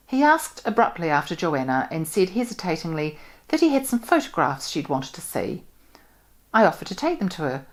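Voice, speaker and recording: A woman from New Zealand reading a novel aloud in an expressive, measured way. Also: low voice. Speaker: audiobook reader.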